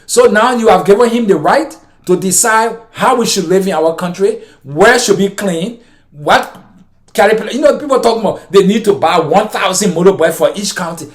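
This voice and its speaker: A man's voice: sits high, moderate pace. A Liberian man with a Liberian accent, delivering an impassioned political commentary monologue to his viewers, ranting and often repeating himself. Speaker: vlogger.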